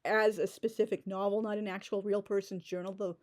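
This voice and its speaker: A woman's voice: mid-range voice, flat delivery, brisk, a little mellow. A woman in her forties giving a sarcastic, exasperated rant as a book reviewer. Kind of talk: ranting book critique.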